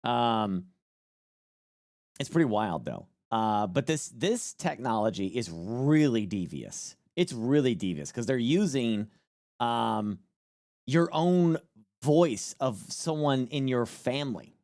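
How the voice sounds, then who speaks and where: Lively, dry-voiced man streaming. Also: mid-range voice, takes it slowly, no echo. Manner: rambling, joking, swears freely. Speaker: streamer reacting to a news clip. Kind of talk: casual live-stream commentary.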